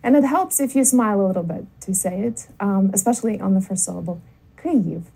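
A woman giving pronunciation instruction in a measured, explanatory way, with frequent ums. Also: medium pitch, vocal fry, mellow, slightly rough, poor audio. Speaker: pronunciation guide.

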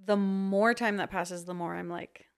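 A young adult woman, a podcast guest, chatting in a relaxed way and often trailing off mid-sentence. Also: medium pitch, normal speed, gravelly, clear, resonant tone. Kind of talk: casual chat.

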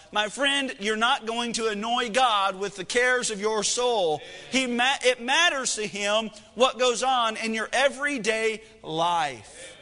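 A man's voice: extremely high pitch, measured pace, pushed and bright. A man in his thirties preaching a sermon, telling a family story in a folksy, joking, self-deprecating way. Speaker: pastor. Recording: echoey hall reverb.

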